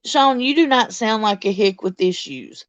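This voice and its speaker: A middle-aged woman with a Deep South Mississippi accent, chatting bluntly and casually as a livestream host reading her chat. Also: expressive, moderate pace, no echo.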